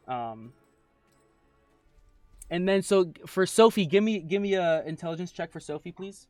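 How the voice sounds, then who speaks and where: A man narrating as game master, reading scene descriptions aloud with halting restarts. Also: sits high, expressive, a little mellow, no room sound, faint music behind.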